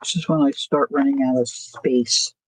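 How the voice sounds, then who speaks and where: A woman's voice: extremely low pitch, steady tone, moderate pace, husky, no echo, poor audio. A woman hosting a crafting livestream, chatting casually, thinking aloud and answering viewer comments as she works. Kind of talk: casual chat while crafting.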